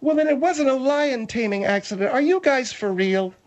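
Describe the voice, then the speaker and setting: A man's voice: very high voice, animated, normal speed, voice pushed up. A man playing a prudish older woman who scolds everyone in the studio with indignation. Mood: indignant. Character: prim, prudish older woman named Margaret.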